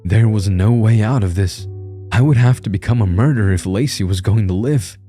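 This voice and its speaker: A man's voice: on the low side, fairly quick, warm tone, soft background music. A man narrating a first-person horror story in a tense, grim storytelling manner.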